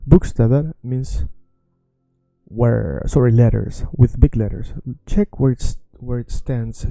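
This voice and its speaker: Gravelly Swedish-accented man teaching language. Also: medium pitch, dark tone, no echo, soft background music. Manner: patient, repeats words slowly to drill pronunciation. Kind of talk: language lesson.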